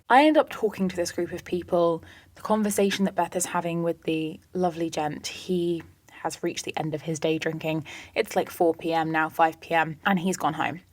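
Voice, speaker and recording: A woman's voice: on the low side, no room sound. Chatty woman telling stories. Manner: lively, chatty, drops to whispered asides. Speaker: podcast host. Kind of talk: casual storytelling monologue.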